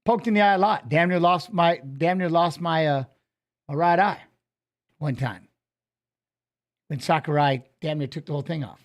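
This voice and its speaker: Brief: middle-aged male host, high-pitched voice, loose, profane, joking chatter. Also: normal speed, long pauses. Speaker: show host. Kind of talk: casual livestream chat.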